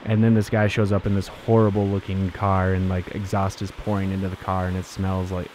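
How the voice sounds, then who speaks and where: A man's voice: deep voice, completely flat delivery, brisk, darkish tone, slight background noise. A man casually recounting his travels as a vlogger, rambling with fillers and restarts. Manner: rambling, laid-back, many fillers and restarts.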